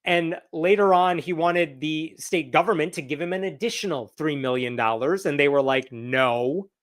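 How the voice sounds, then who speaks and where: A man with a somewhat high voice hosts a casual livestream news roundup. He reads documents aloud and mocks them in a sarcastic, conversational tone. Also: moderate pace.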